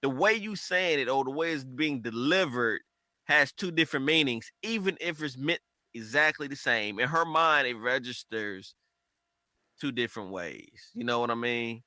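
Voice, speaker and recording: A man co-hosting a casual podcast chat, talking in an animated way and acting out quoted conversations. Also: medium pitch, normal speed, no echo. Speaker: podcast co-host.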